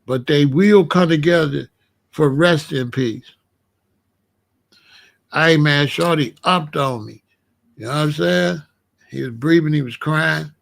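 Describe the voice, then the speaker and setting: A man's voice: slow, gravelly, long pauses. Blunt, profane man. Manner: blunt, profane, streetwise storytelling; drops to low, quiet tones when recounting danger. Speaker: commentary channel host. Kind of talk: casual monologue.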